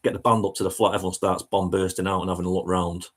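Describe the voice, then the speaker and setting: A touring musician with a low, level voice tells a casual anecdote at a fast clip. He's chatty and self-mocking, laughing as he goes.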